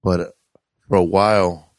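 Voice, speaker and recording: A man's voice: deep voice, flat delivery, a little slow, dry recording. A man co-hosting a podcast, telling stories about neighbors in a loose, rambling way with lots of hesitation. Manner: rambling, hesitant, many fillers and restarts. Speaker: podcast co-host. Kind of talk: casual storytelling chat.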